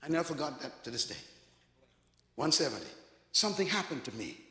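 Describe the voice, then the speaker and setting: A man's voice: a little high, sing-song, fairly quick, pushed and bright. A man preaching a sermon, telling a story dramatically and acting out the dialogue. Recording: echoey hall, long reverb.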